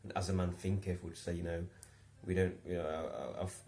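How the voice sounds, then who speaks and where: A man's voice: sits low, flat delivery, brisk, warm tone. A young man casually telling a story in a rambling way, with many restarts and chuckles, then musing reflectively. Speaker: vlogger.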